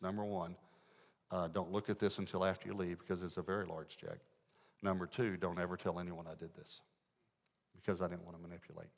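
Male preacher, lowish voice, animated storytelling, long hall reverb. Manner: animated, swings from loud to hushed. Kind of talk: storytelling sermon. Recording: echoey hall.

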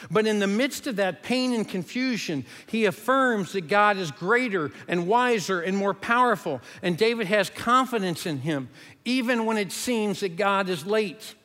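A man preaching a sermon as pastor, earnest, and dropping to a hush for emphasis. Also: high-pitched, lively intonation, normal speed, big-room sound.

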